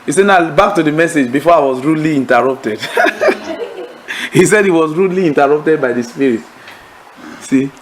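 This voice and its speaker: A man preaching to a Bible study class, telling stories in an animated way, acting out laughter and asking the audience leading questions. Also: on the high side, fast talker, rough recording. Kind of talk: sermon-style teaching to a congregation.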